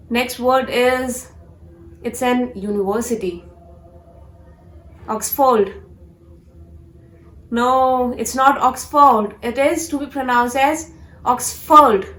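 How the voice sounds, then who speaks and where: A woman teaching pronunciation, repeating each word slowly and deliberately for practice. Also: on the high side, roomy sound, rough recording. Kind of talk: pronunciation lesson.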